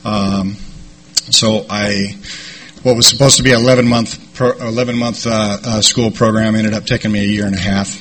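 Husky middle-aged man telling his story. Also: on the low side, flat delivery, fairly bright tone. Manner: rambling, halting delivery with repeated "and, uh". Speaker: speaker sharing a recovery story. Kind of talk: personal storytelling talk.

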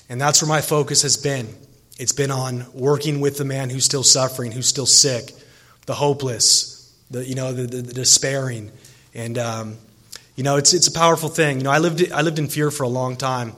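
A man's voice: mid-range voice, fairly even intonation, normal speed, sharp tone. Earnest man sharing his story. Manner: earnest, emotional, frequent fillers and restarts. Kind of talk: personal testimony speech.

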